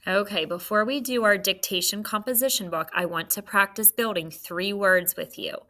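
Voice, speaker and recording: A woman's voice: mid-range voice, moderate pace, pushed and bright. A woman teaching a phonics lesson to young children, patient and encouraging as she sounds out letters and syllables. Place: classroom.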